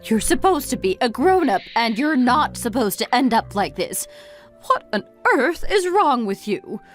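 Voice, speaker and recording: An exasperated middle-aged mother who complains in rapid-fire questions, as a woman plays her. Her pitch sits a little high and swings widely from line to line. Soft music plays faintly behind this dramatized family story. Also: big pitch swings. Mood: scolding.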